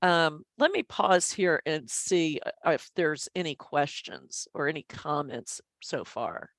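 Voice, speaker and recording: Explaining measures in an online presentation, this middle-aged statistician leans on goofy humor at her own expense. Her low voice has lively intonation, she takes it slowly, and the recording has no room sound.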